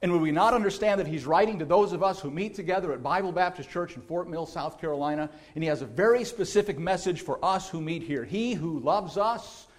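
A man delivers a sermon from a church pulpit. His voice sits a little higher than most men's. He talks plainly and earnestly, now and then restarting a phrase. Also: fairly quick, hardly any pauses. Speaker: guest preacher. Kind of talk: sermon with scripture reading and prayer. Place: church sanctuary.

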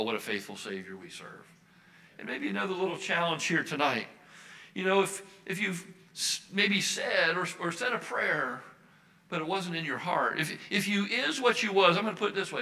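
A man's voice: on the high side, bright, forceful tone, low-quality recording. An older American man, a Baptist minister, preaching a sermon earnestly and repeating his key phrases for emphasis. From United States.

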